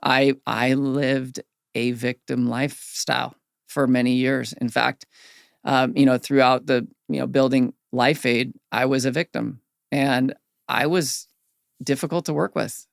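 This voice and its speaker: A middle-aged man, a guest on a podcast, candidly telling personal stories in an earnest, animated way. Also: medium pitch, unhurried, gravelly, no room sound, clean studio sound. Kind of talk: reflective storytelling in a podcast interview.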